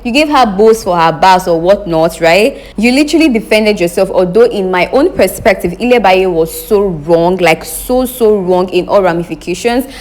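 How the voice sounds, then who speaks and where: Emphatic woman recapping drama. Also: on the low side. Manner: animated, emphatic, addresses viewers as guys, repeats questions for effect. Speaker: reality show recap host. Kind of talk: casual opinionated commentary.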